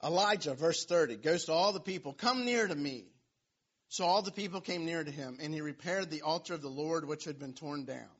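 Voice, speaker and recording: A man's voice: a little high, a little fast, few pauses, breathy edge. A man preaching a sermon, retelling a scripture story in a playful, joking way with asides to the listeners. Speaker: pastor. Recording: dull, lo-fi sound.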